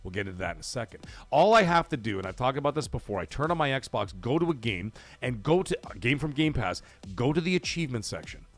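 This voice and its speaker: A man's voice: mid-range voice, very animated, quick pace, faint music behind. A man hosting a casual live stream, talking animatedly, swearing freely and reading viewer messages aloud. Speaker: livestream host.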